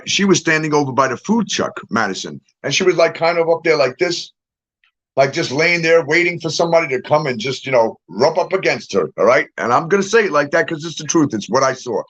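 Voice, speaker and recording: A middle-aged man with a slightly high voice speaks in a casual monologue to his followers. He sounds emphatic and insistent, tags his points with "okay?" and "all right?", and moves about as he acts things out. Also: a bit bright. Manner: moves around, gets up to act things out. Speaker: social media commentator.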